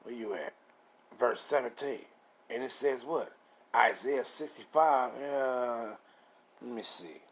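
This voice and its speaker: Man, husky voice, mid pitch, casual street-style preaching, slow deliberate verse reading, rhetorical questions. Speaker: scripture teacher. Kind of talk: informal scripture reading and preaching.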